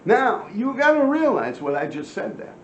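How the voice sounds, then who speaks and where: A man's voice: extremely high pitch, sing-song, moderate pace, a little hiss or hum. A middle-aged man, telling profane street stories to a camera in casual storytelling. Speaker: former graffiti writer telling stories. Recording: echoey room, slightly dull sound.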